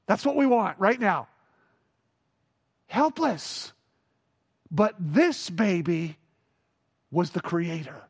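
A man preaching a sermon, moving from hushed awe to playful, animated emphasis. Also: sits high, takes it slowly, pauses often. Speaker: pastor.

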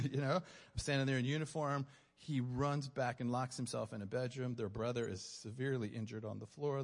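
A man preaching, telling a story from his police days with emotion, dropping to a hush and then rising loud. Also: mid-range voice. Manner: emotional, dramatic pauses, swings from hushed to loud. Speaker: preacher, former police officer. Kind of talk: sermon storytelling. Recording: long hall reverb.

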